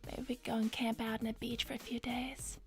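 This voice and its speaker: A woman voicing a dreamy, mystical female hedgehog in whispered role-play, breathy and flirty. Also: fairly high pitch, flat delivery, a little fast, soft background music, natural voice.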